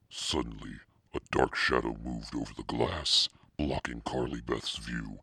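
A man narrating a spooky children's storybook in a steady, suspenseful reading. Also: extremely low pitch, measured pace, gravelly, husky, dry recording, clean studio sound. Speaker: audiobook narrator.

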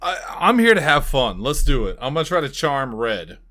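Player, male, bright tone, casual and questioning, a bit profane. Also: mid-range voice, big pitch swings, normal speed. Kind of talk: playing a tabletop game.

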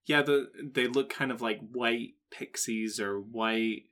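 A man's voice: medium pitch, fairly even intonation, takes it slowly, a bit bright. A man co-hosting a podcast, chatting casually and explaining facts at length in a rambling, jokey way. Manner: rambling, explains facts at length, slips into silly character voices. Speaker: podcast co-host. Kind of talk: casual chat.

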